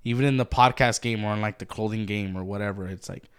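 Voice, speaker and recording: Casting: smooth-voiced man, low-pitched, blunt podcast co-host who swears nonstop. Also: fast, fairly bright tone. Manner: blunt, heavy swearing, lots of "like". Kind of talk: casual profane podcast chat.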